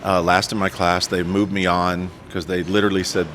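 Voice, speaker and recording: Telling his story in a podcast interview, this low-voiced guest talks fairly quickly and with lively energy. Self-deprecating throughout, he reenacts what people said to him; a faint hiss sits under the audio.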